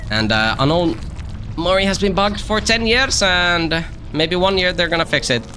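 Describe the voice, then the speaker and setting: A man's voice: sits high, expressive, normal speed, pushed and bright, a little hiss or hum. A man streaming a game, rambling and joking to himself and the other players as he plays. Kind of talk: casual live-stream gameplay commentary.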